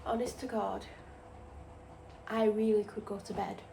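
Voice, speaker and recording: A woman's voice: mid-range voice, level tone, a little slow, creaky, mellow, slight background noise, low-quality recording. A tired woman rambles in casual chat about her day while cooking in her home kitchen. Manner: rambling, chatty, self-deprecating. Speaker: vlogger.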